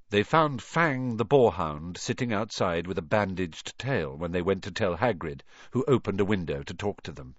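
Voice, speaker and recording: A man reading a story aloud in an expressive, lively way. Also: sits low, moderate pace, few pauses, no echo. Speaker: reader. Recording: dull dry recording.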